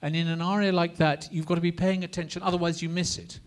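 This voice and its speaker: A man lecturing a class on opera in a lively, theatrical way, coaxing the students to repeat lines and demonstrating phrases. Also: on the high side, quick pace.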